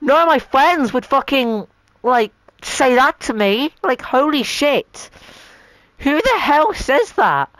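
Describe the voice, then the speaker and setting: A woman's voice: high voice, very animated, slow pace, a bit bright, no echo, rough recording. Profane rambling woman ranting casually. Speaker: channel host. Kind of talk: casual opinion rant. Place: home room.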